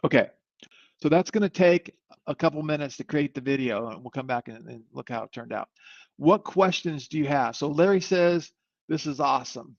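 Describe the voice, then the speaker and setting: Salesy guy walking people through a software demo live, kinda rambly, dull dry computer mic. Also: a little high, expressive, moderate pace, no room sound. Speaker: webinar host demoing software. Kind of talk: live online product demo. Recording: slightly muffled dry audio.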